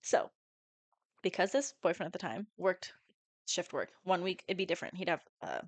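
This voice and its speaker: A woman's voice: fairly low pitch, moderate pace, no echo. A young woman in her twenties, a podcast co-host, telling a story casually with lots of swearing and acted-out quotes. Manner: animated storyteller, swears often, acts out quotes.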